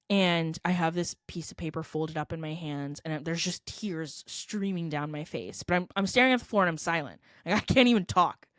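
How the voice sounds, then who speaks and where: A woman's voice: on the low side, no room sound, studio quality. A young adult woman from California, a company founder telling a heartfelt personal story in a podcast interview. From California, United States. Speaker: guest, edtech company founder.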